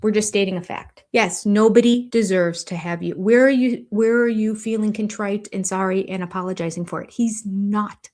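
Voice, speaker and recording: An older woman hosts with deliberate, analytical commentary that carries a dryly sarcastic edge. Her voice sits at a medium pitch with a darkish tone.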